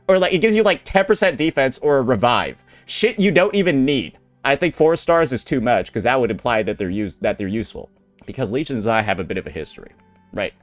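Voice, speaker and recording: A man giving casual ranting commentary, blunt and sarcastic, often repeating himself and swearing. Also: on the high side. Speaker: commentary YouTuber.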